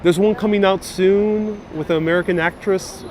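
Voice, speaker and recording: A man's voice: high voice, fairly even intonation, normal speed. A man guiding a live-streamed city bus tour, chatting casually and reading out viewer comments. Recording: faint street and traffic noise.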